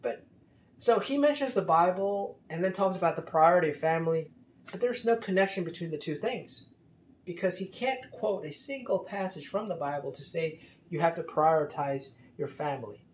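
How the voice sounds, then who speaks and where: A man's voice: high voice, animated, moderate pace. A man giving unscripted commentary, emphatic and exasperated, often stumbling into repeated restarts. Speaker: commentator critiquing a religious article. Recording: roomy echo, faint background noise.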